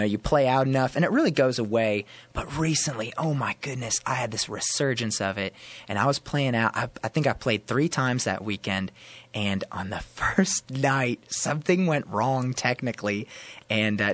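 A young man, a musician guest, chatting casually in an interview, easygoing and quick to laugh. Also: mid-range voice, fairly bright tone. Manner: easygoing, laughs often, self-deprecating.

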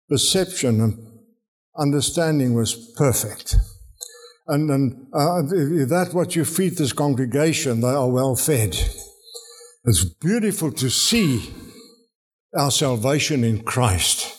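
A man preaching a sermon, telling a story in an animated way, acting out the voices of its people and repeating words as he goes. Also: on the high side, husky. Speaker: guest preacher.

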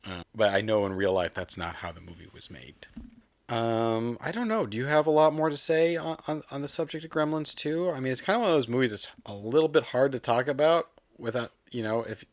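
A man co-hosting a podcast in casual film chat, rambling and animated, acting out voices as he retells a sketch. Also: mid-range voice, fairly quick, no room sound. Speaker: podcast co-host.

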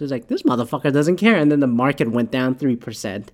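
A man's voice: mid-range voice, lively intonation. Exasperated, profane man ranting. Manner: halting with frequent restarts. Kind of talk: casual political rant.

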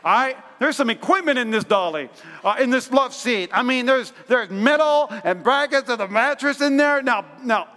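A man's voice: very high voice, animated, moderate pace, bright, forceful tone. A male pastor in his thirties preaching a sermon and telling a personal story in a chatty way, full of fillers and restarts. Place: large church hall. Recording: long hall reverb.

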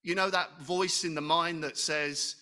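A man's voice: on the high side, steady tone, a little slow, sharp tone. A middle-aged man preaching a sermon in a conversational way, asking the congregation questions and joking about himself. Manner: conversational, asks the congregation questions, self-deprecating humor.

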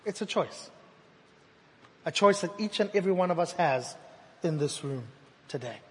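A man preaching a sermon to his congregation, swinging from loud emphatic repetition to hushed, intimate phrases. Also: a little high, lively intonation, normal speed. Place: church hall. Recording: long hall reverb.

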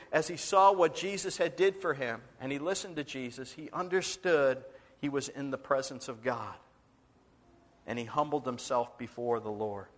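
A male pastor preaches a sermon with a voice on the high side, telling stories dramatically, acting out voices, and sometimes dropping to a whisper.

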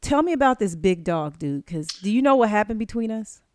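A young woman talks bluntly and profanely in a candid interview, laughing at her own jabs. Her voice is smooth and resonant, and it sounds close and dry with almost no room echo. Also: medium pitch, expressive, a little fast. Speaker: interview guest.

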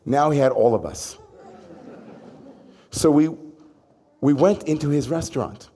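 Animated male rabbi telling a story. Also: fairly high pitch, a little slow, a little hiss or hum. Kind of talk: personal storytelling.

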